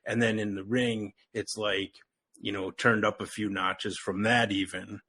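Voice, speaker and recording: Rambling low-voiced wrestling podcast host. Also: male voice, flat delivery, unhurried, sharp tone, slightly rough. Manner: rambling, heavy use of "like", laughs often. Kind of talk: casual podcast chat.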